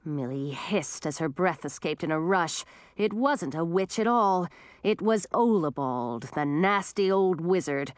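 Expressive woman reading a storybook. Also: sits low, a little slow, clean tone, dry recording, studio quality. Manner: expressive, dramatic. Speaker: narrator. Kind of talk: storybook read-aloud.

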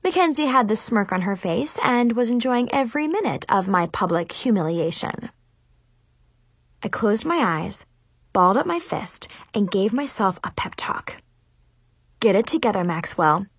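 A woman reading a first-person children's story aloud, lively and playful. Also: on the high side, normal speed, no echo. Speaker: narrator.

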